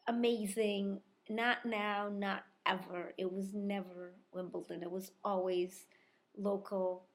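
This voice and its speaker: A middle-aged woman telling a rambling, self-reflective personal story in a casual vlog, often repeating herself. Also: medium pitch. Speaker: vlogger.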